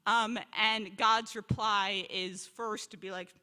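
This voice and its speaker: Visiting woman scholar, bright and forceful tone, lively teaching to a congregation, echo of a big sanctuary. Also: mid-range voice, slow, smooth. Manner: animated storyteller, quotes Hebrew and asks the room questions. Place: synagogue sanctuary. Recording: long hall reverb.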